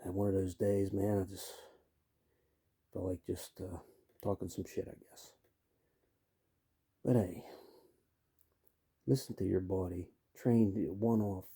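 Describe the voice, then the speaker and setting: A man's voice: lowish voice, vocal fry, warm tone, slightly rough. A man in his fifties giving a blunt, rambling casual rant, leaning on "you know" and "man". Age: 50s. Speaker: vlogger.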